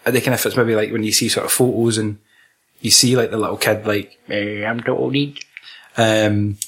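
A man's voice: lowish voice, flat delivery, a little fast, fairly bright tone. A man with a Scottish accent, co-hosting a casual film chat, swearing freely and laughing often. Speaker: podcast co-host.

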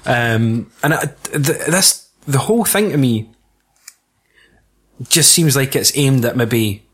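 A man's voice: medium pitch, lively intonation, takes it slowly, fairly bright tone, husky. A young Scottish man in casual film chat, sweary and laughing often as he co-hosts. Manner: laughing, sweary, puts on silly voices. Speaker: podcast co-host.

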